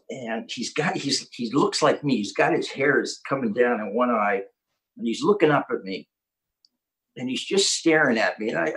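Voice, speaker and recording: A man hosting an online conference, telling an inspirational story with excitement and acting out the quotes. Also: mid-range voice, rough recording. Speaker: host.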